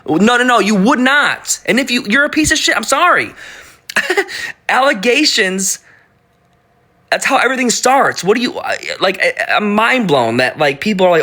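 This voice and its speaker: A man's voice: high voice, sing-song, moderate pace, sharp tone. A man in his thirties talking casually on a live stream, blunt and profane, often stumbling and restarting his sentences.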